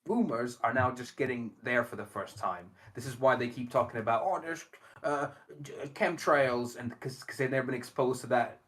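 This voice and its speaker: A man in casual podcast chat who rants with lots of swearing. His pitch sits in the middle range, and he jumps into animated asides. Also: a little fast, hardly any pauses. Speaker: podcast co-host.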